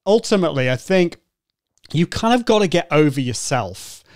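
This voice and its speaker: A man's voice: on the high side, sing-song, moderate pace, dry recording, studio quality. A man with an English accent hosting a podcast interview, speaking in an encouraging, reflective way. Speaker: podcast host.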